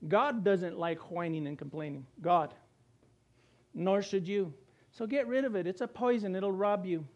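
A man's voice: high-pitched, a little slow, a little mellow, muffled recording. A man preaching a conversational sermon, breaking into acted-out voices and chuckles. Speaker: pastor.

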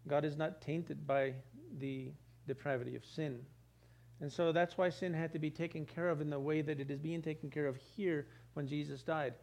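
A man delivers a sermon from the pulpit. His voice sits a little high for a man, and he drives his points home with rhythmic repetition and rising emphasis. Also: steady tone, normal speed, gravelly, darkish tone. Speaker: pastor.

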